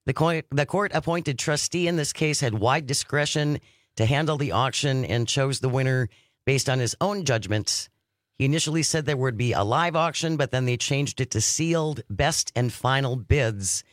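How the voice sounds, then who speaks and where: A man's voice: mid-range voice, normal speed, no room sound, studio quality. Man reading news on a podcast. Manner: reads news items aloud with occasional commentary. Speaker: podcast co-host.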